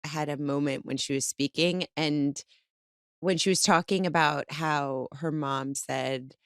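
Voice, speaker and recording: A woman co-host with a low-pitched voice, teasing and thoughtful in a casual chat. The sound is close and dry. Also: steady tone, measured pace, a bit bright, clear, resonant tone, no room sound. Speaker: podcast co-host.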